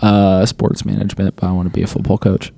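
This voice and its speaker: Low, dark-voiced young man chatting casually. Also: level tone, fast talker, vocal fry, husky. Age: young adult. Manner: laid-back, rambling with many fillers. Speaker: student athlete guest. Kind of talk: casual interview chat.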